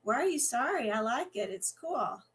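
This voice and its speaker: A woman's voice: fairly high pitch, animated, moderate pace, fairly bright tone. A woman reading as an earnest young cop. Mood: friendly. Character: earnest young male cop learning to dance.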